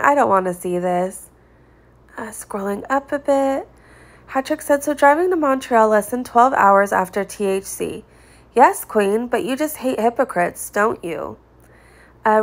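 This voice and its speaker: Woman reading comments with wry asides. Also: fairly high pitch. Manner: reads comments aloud with chuckles and quick asides. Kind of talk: casual reading aloud of social media comments.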